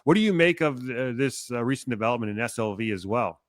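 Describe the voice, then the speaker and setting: A man hosting a podcast, asking questions and reading his own sponsor pitch enthusiastically. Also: expressive, fast talker, no echo, clean studio sound. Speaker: podcast host. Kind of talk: casual interview and ad read.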